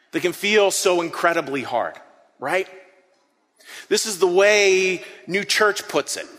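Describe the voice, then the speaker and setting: A bright, fairly high-voiced man preaches to his congregation in an earnest, animated way, stumbling and repeating words as he goes. His voice rings out through a church hall with a long reverb tail. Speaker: pastor. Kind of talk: interactive sermon.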